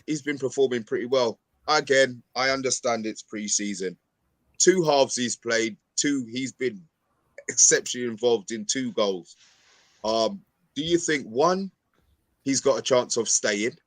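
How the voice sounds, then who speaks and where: A man's voice: mid-range voice, measured pace, pauses often, no echo. A man co-hosting a casual chat, often stumbling and repeating words. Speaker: co-host.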